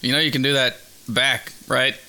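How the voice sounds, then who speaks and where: A friend in casual chat, reacting to a story with quick jokes and questions. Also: medium pitch, steady tone, bright, forceful tone.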